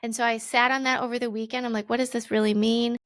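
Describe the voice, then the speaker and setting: Woman, 30s, podcast guest; casual and animated, voices her past self with big pitch swings; dry recording. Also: quick pace, no echo. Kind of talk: casual storytelling interview.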